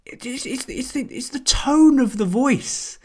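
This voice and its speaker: A man hosting a casual football podcast, talking in halting, restarted phrases. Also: very high-pitched, animated, darkish tone. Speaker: podcast host. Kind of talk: casual chat.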